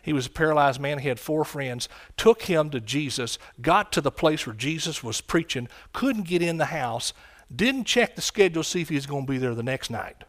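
A man preaching a sermon, swinging from quiet, low lines to loud, shouted ones. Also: lively intonation, normal speed. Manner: impassioned, rising to shouts and dropping low.

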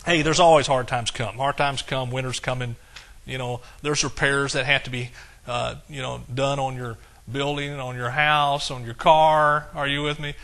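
A man's voice: mid-range voice, steady tone, normal speed, vocal fry, a bit bright. A middle-aged man with an East Texas accent preaching a sermon in a folksy, exclamatory way, quoting scripture. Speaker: pastor.

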